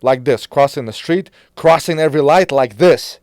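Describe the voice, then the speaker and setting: A man hosting a podcast in casual conversation, talking earnestly, repeating himself and trailing off quietly. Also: a little high, moderate pace, no echo, studio quality. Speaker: podcast host.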